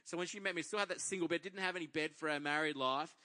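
Bright-voiced man telling a testimony. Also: fairly high pitch, fast. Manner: animated storyteller acting out his own inner dialogue. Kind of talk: personal testimony to a congregation.

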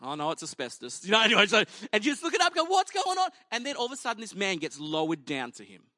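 A pastor preaches a sermon in a slightly high, forceful, bright voice, moving at a quick pace. He tells the story casually and with humor, animatedly acting out each person in it. The recording is dry and close, with no room sound.

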